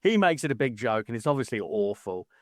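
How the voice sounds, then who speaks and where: A man's voice: medium pitch, sing-song, brisk, no room sound. Dry-sounding man in chatty podcast talk. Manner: swears freely, laughs mid-sentence, mimics people in quotes. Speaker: podcast co-host. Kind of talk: casual book-club chat.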